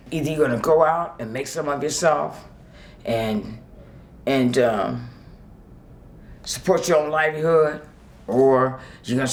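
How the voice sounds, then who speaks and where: A woman sharing a personal testimonial as an employee. She speaks emphatically and emotionally, laughs often, and acts out her own past words as she tells her story. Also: very deep voice.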